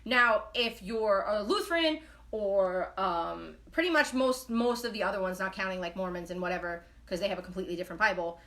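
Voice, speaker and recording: A woman's voice: medium pitch, fairly quick, fairly bright tone. A young adult woman hosting a live stream, chatting in a blunt, casual way, swearing freely and reading viewer comments off her phone. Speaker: host of a live knitting stream.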